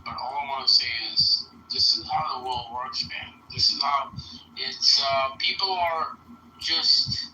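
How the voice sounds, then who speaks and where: A man's voice: mid-range voice, measured pace, pushed and bright, a little hiss or hum. A man with a German accent hosting a live chat room, rambling and teasing in casual talk. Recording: roomy, slightly muffled stream audio.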